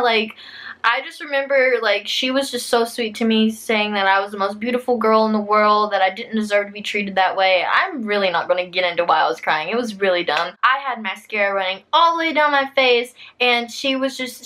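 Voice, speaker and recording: A woman's voice: on the high side, fairly bright tone. A woman in her twenties telling a casual storytime vlog, chatty, saying "like" a lot and laughing often. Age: 20s.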